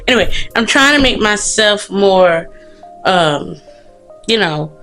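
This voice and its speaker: A woman's voice: mid-range voice, lively intonation, takes it slowly, a bit bright, faint music behind. A young woman vlogging casually into a phone held at arm's length, chatty and self-mocking, rambling and laughing often. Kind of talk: casual vlog chat. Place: bathroom and hotel, indoors.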